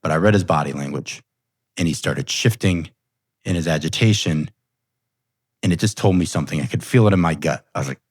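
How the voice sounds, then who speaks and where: A middle-aged man with a very low voice hosts a coaching podcast and tells a personal story. He speaks intensely and emphatically, leaning hard on key words. The sound is close and dry, with no room around it. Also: fairly quick, a little mellow, no echo. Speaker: leadership coach.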